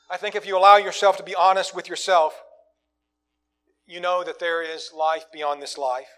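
A man preaching a sermon, swinging from loud, emphatic lines to quiet, low asides.

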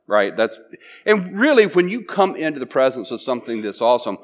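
A man preaching a sermon, retelling a Bible story in a conversational way, often checking in with "right?" and restarting his phrases. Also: mid-range voice.

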